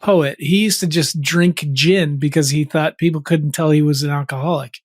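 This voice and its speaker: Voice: medium pitch, steady tone, normal speed, no room sound. A podcast co-host in casual chat, teasing with dry jokes and pushing for answers.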